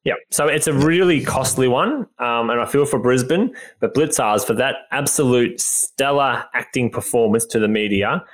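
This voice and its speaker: A man's voice: medium pitch, moderate pace, hardly any pauses. An Australian man co-hosting a sports podcast, venting in exasperated casual banter. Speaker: podcast co-host.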